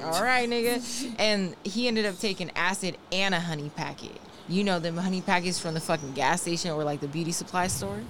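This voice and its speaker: A woman's voice: on the low side, fairly quick, hardly any pauses, slight background noise. A young woman co-hosting a podcast, telling a candid story in slang and acting out what was said. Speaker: podcast co-host. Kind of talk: casual explicit chat.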